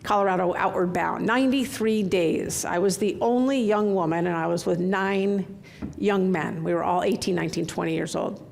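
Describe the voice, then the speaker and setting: A middle-aged woman giving a conference keynote from the stage, telling candid stories in an animated way. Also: lowish voice, moderate pace, gravelly, slight background noise. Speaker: keynote speaker. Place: large conference hall.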